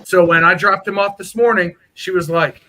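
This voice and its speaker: A man's voice: high-pitched, steady tone, moderate pace, pushed and bright, rough recording. A man chatting casually in a group, telling a long, rambling story about family. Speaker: open mic participant.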